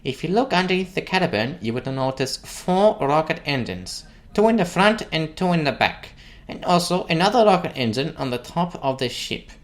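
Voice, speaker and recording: A man's voice: on the high side, very animated, normal speed, pitched above the performer's own voice. A man voicing a boastful male mad scientist inventor in an odd put-on accent, reading aloud theatrically.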